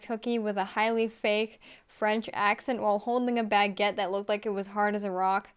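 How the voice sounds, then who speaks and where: A woman reading fan fiction aloud for laughs, giggling and tossing in deadpan asides. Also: mid-range voice, normal speed, hardly any pauses, clear, resonant tone. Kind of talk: comedic read-aloud storytelling.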